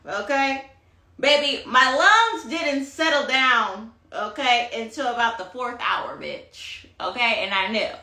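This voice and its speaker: A woman's voice: on the high side, sharp tone, roomy sound. A woman giving a casual livestream monologue as a tarot reader, sassy and dramatic, tagging her lines with "okay?" and "honey". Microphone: phone livestream.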